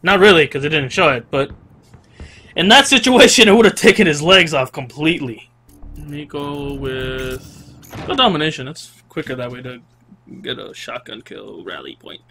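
A man giving excited commentary over shooter gameplay, swearing, whooping and muttering to himself to calm down. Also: on the high side, normal speed, background noise. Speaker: gaming commentator. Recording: loud game gunfire under the voice. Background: gunfire and explosions from the game.

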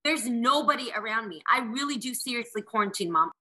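A woman host arguing with her mother, indignant and sarcastic, firing back quick replies. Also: fairly high pitch, animated, bright, forceful tone, rough recording. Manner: indignant, sarcastic, fast comebacks. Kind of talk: heated family conversation.

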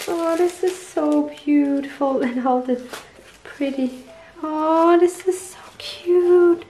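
Slow-talking woman, gushing and teary. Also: high voice, dark tone, a little hiss or hum, poor audio. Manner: gushing, searching for English words. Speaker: papercraft vlogger. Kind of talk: casual unboxing chat. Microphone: tablet microphone.

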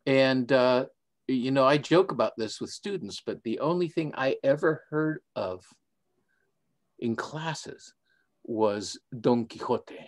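A man's voice: medium pitch, slow pace. Jovial older male author, laughing storyteller. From Mexico. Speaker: guest author. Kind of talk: casual interview chat.

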